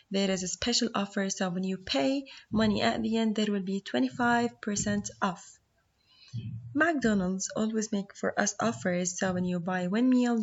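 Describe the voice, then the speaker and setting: An Arabic-speaking woman leads a phonics lesson, explaining slowly and breaking words into syllables as she sounds them out. Her voice is medium-pitched and gravelly, and the recording is muffled.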